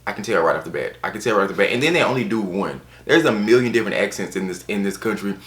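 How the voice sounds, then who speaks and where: Sassy American man, low voice. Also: racing, roomy sound. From United States. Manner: sassy, animated, repeats phrases for emphasis. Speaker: book reviewer. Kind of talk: casual book review chat.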